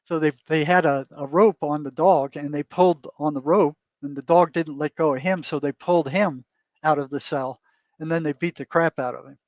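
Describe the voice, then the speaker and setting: Male therapist guest, rambling storyteller, slightly high voice; dry, dull lo-fi recording. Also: fairly even intonation, moderate pace, no echo. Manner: rambling, peppers talk with "you know" and "right?". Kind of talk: casual storytelling in an interview.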